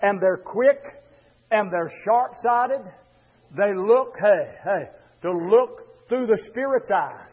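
Fervent preacher, high husky voice, rhythmic calls to the pews, dull lo-fi tape. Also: male voice, animated, slow. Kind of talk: sermon. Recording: dull lo-fi sermon recording.

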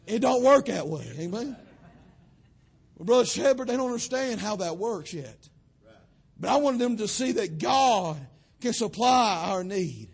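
A young man from western North Carolina, preaching a sermon as a pastor, swelling to shouts and dropping low. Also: expressive, a little slow, gravelly, slightly rough. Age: young adult.

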